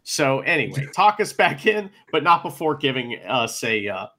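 Excitable swearing man recapping wrestling. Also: medium pitch, moderate pace. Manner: excitable, swears a lot, plays out wrestlers' shouts. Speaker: podcast co-host. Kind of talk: casual match recap chat.

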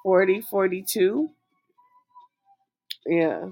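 A woman's voice: medium pitch, drawn-out words, gravelly, a little mellow, soft background music. A woman co-hosting a casual chat show, laid-back and chatty, laughing often as she reads listener letters and gives advice. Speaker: podcast co-host.

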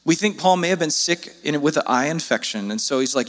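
A man delivers a sermon in an earnest, pleading way, his voice leaping upward as he presses each point. His voice sits a little high for a man. The sound hangs in the long reverb of a church hall. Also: expressive, brisk, fairly bright tone. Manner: earnest, pleading, with sudden rises in pitch. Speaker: pastor.

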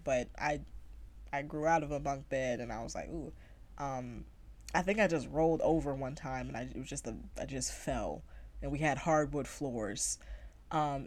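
Chatty low-voiced young woman. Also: darkish tone. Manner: chatty, rambling, many fillers and self-corrections. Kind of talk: casual storytelling.

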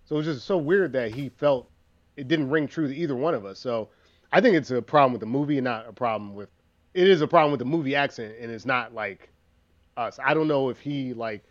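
A man co-hosting a casual film podcast, talking in halting, restarting sentences. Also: medium pitch, muffled recording. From US East Coast. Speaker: podcast co-host. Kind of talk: casual movie-review chat.

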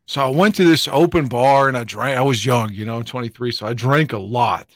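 A man's voice: medium pitch, brisk, a bit bright, dry recording. A middle-aged man hosting a podcast, telling blunt, profane, self-mocking stories in casual chat. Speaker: podcast host. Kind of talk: casual storytelling.

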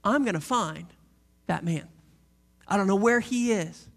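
A man doing a low, determined Jesus. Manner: low, slow and resolute.

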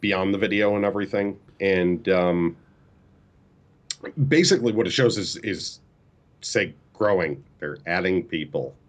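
A man's voice: deep voice, unhurried. A man co-hosting a podcast, explaining technical details in an easygoing, casual way. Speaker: podcast co-host.

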